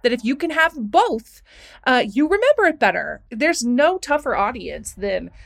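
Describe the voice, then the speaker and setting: A woman with a Minnesota accent hosts an easygoing interview. Her voice sits a little high, and she tells her stories in a lively way, acting out the quotes. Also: normal speed, creaky. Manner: animated storyteller, acts out quotes. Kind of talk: casual interview chat.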